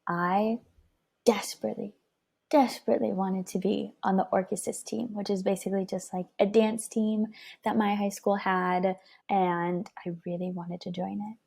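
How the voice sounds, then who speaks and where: A young woman tells a personal story with a husky, gravelly edge. Her tone is mellow and dark, and she livens up the telling by acting out what others said. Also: medium pitch, normal speed. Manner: lively, acts out quoted dialogue. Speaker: guest.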